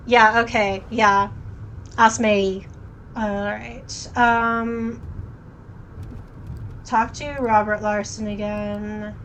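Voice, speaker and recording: A woman's voice: mid-range voice, sharp tone, slight background noise, poor audio. A woman streamer chatting casually while playing and reading a story game aloud, often stumbling over names and correcting herself. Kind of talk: casual let's-play commentary and reading.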